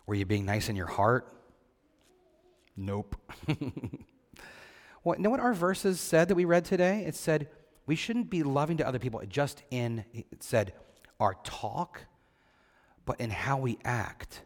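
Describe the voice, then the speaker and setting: A man, a pastor, reads a scripture passage and then gives a children's sermon. He asks the kids questions and answers them himself, and he slows down on the key points. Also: medium pitch, expressive, big-room sound. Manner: slow and deliberate on key points.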